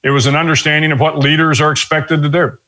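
Bright-voiced older man, measured. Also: on the high side, little pitch movement. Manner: measured, with frequent pauses and fillers. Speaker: guest. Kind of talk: reflective interview storytelling.

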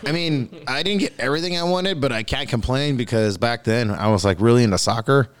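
A man's voice: mid-range voice, brisk, smooth. Swearing, laughing storyteller man. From Southern California. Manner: animated, swearing, laughing through stories. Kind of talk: casual storytelling chat.

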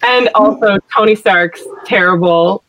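A woman co-hosting a podcast in casual chat, animated, acting out quotes in funny voices. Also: mid-range voice, measured pace, highs cut off, crowd noise. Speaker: podcast co-host.

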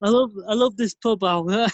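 A man's voice: high-pitched, unhurried, no room sound, lo-fi sound, pitched above the performer's own voice. A man voicing a chatty northern English pub regular who rambles through bad jokes on a taped message. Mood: jovial. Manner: rambling, pun-telling, beery banter.

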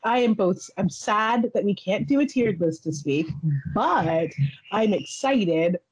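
A woman in her thirties hosting a podcast, chatting in a rambling, giggly, halting way. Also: mid-range voice, lively intonation, breathy edge, low-quality recording. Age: 30s. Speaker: podcast host. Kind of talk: casual chat.

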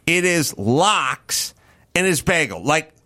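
Animated, bright-voiced man telling a story. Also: fairly high pitch, slow. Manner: animated, profane, yells in retold lines. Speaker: podcast host. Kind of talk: casual storytelling chat.

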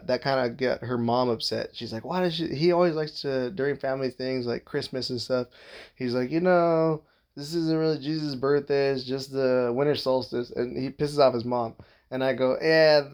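A young man from Southern California tells a casual, profane story, rambling and stuffing it with "like" fillers while acting out what people said. His mid-range voice is a little mellow, clear and resonant.

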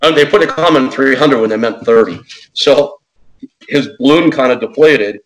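Animated man telling a story. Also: mid-range voice, normal speed, rough recording. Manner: animated, acts out quotes in other voices; says "man" and "dude" often. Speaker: interview guest; podcast host. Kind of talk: casual storytelling.

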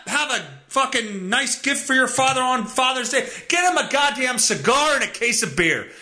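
Animated, swearing male podcast host. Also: extremely high pitch. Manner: profane, worked-up rant. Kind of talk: ranting solo podcast.

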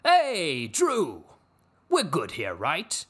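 A man putting on the voice of a domineering man who shouts demands about a trade deal, loud and pushy. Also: huge pitch swings, very slow, slightly rough, full character voice. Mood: bullying. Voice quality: loud, high-pitched, shouting.

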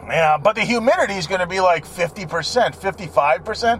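A man's voice: high voice, big pitch swings, normal speed, hardly any pauses, a bit bright, a little hiss or hum. A man rambling and joking while he drives his truck, swearing freely in a casual vlog. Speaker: vlogger. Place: inside a truck while driving.

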